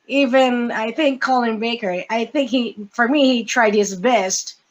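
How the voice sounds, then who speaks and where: A woman hosting a casual fan podcast, talking in a halting way with many fillers and restarts. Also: fairly high pitch, poor audio. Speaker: podcast host.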